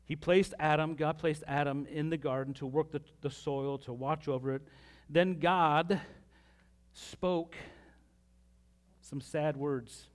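A man preaching a sermon as pastor, reading scripture with pauses and lively asides to the congregation. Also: fairly high pitch.

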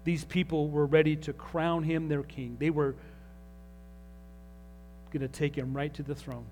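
A man's voice: fairly high pitch, little pitch movement, measured pace, a little mellow, slight background noise. Man preaching a Sunday sermon. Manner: earnest preaching, rising with emphasis on key phrases. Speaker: pastor.

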